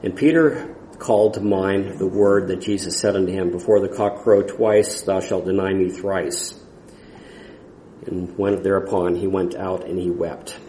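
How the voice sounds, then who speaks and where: Roomy, mellow-voiced male preacher. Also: deep voice, steady tone, slight background noise. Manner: earnest, halting with restarts and fillers. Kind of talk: expository sermon.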